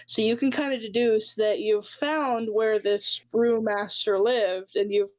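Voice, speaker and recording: A woman's voice: on the high side, fairly even intonation, unhurried, darkish tone, dry recording, low-quality recording. Dry-voiced woman running the game. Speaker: dungeon master. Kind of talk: narrating a tabletop game.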